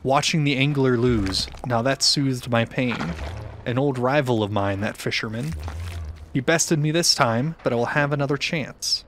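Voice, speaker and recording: A man reading on-screen lines as a theatrical gloating male villain, slow and drawn out. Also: mid-range voice, fairly bright tone, slight background noise, lightly acted.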